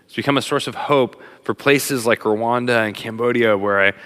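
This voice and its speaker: A middle-aged man giving a sermon in a casual, animated way with lots of fillers, a father. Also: medium pitch, moderate pace, clear, resonant tone. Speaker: pastor. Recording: long hall reverb.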